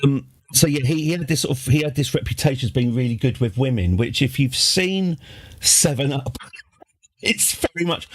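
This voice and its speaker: A man's voice: mid-range voice, animated, normal speed, fairly bright tone. A man chatting casually on a live stream, rambling and wry, with many restarts. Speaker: game streamer.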